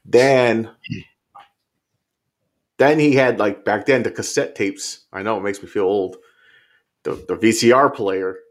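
A man's voice: lowish voice, a little slow, long pauses. A man chatting as a podcast guest, easygoing and rambling, swearing freely as he talks. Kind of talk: casual chat.

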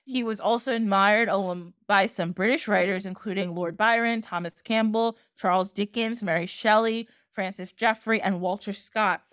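A woman podcast host casually retelling a folktale, chatty and animated, slipping into little voices for the characters. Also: medium pitch, clean tone, no room sound, clean studio sound. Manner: chatty, animated, acts out characters with quick asides. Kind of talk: casual storytelling.

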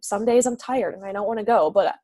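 A young woman with a mid-range voice chatting as a podcast co-host. She is upbeat and keeps dropping filler words as she talks. Her delivery is relaxed and conversational. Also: medium pitch, fairly quick. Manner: chatty, lots of "like" and "literally", upbeat. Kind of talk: casual chat.

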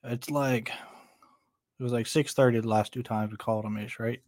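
A man's voice: medium pitch, steady tone, moderate pace, a little mellow, no room sound. A man co-hosting a casual podcast, joking around and laughing often. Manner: joking, laughs often, breaks into silly voices. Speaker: podcast co-host. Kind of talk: casual chat.

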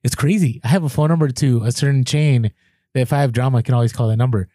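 Talking fast in a mid-range voice, this man tells a casual, animated story and impersonates the people he quotes. When exasperation hits, his voice jumps up; the recording is studio quality with no room sound.

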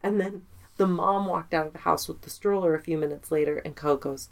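A woman's voice: fairly low pitch, moderate pace, vocal fry, pauses often, a little hiss or hum. A woman in her thirties co-hosting a podcast, chatting casually and telling anecdotes with frequent laughter. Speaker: podcast co-host. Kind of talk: casual chat.

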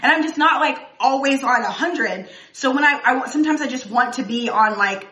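A woman's voice: sits high, animated, normal speed, bright, forceful tone, recorded from a distance. A woman in casual conversation, talking about emotions, laughing often and restarting her sentences. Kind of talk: casual chat. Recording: echoey room.

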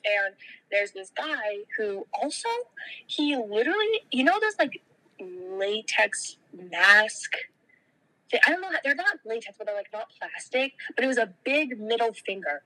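A woman's voice: a little high, lively intonation, moderate pace, sharp tone, dry recording, poor audio. A young woman guest on a podcast, telling stories in casual chat, laughing often and swearing freely.

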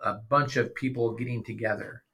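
Rambling middle-aged dad, bright-toned. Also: male voice, mid-range voice, steady tone, moderate pace. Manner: rambling, hesitant, dry sarcasm. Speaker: podcast guest, father. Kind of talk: casual chat.

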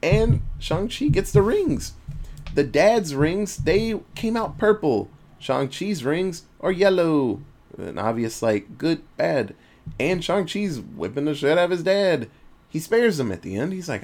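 A man's voice: on the high side, a little slow. A man on a podcast casually recapping a movie, cursing freely and acting out the characters' lines. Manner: animated, profane storytelling with acted-out voices. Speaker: podcast co-host.

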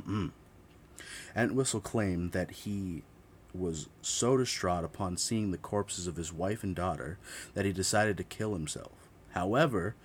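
Deep-voiced man narrating true crime, blunt and profane. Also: slight background noise. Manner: reads steadily, breaks off into profane, blunt asides; corrects his own slips mid-sentence.

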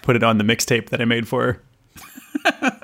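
A man's voice: mid-range voice, big pitch swings, moderate pace, fairly bright tone. Rambling man chatting with friends. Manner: laughs often, rambling with many fillers. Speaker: podcast co-host. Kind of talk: casual chat.

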